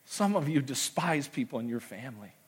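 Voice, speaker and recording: Middle-aged man, pastor mid-sermon, impassioned storyteller, swings between loud and hushed delivery. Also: mid-range voice, big pitch swings, fairly quick, breathy edge.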